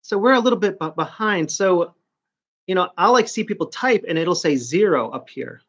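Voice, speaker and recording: A man's voice: sits high, animated, moderate pace, fairly bright tone, slightly rough. 40s new york guy rambling to his stream chat, stop-start, muffled lo-fi audio. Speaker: live-stream host. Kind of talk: casual live-stream chat.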